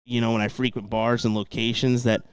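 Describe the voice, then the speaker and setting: A man's voice: medium pitch, a little fast, smooth, no echo. Chatty male darts commentator. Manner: relaxed, chatty, repeats "yep, yep". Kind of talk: live sports commentary.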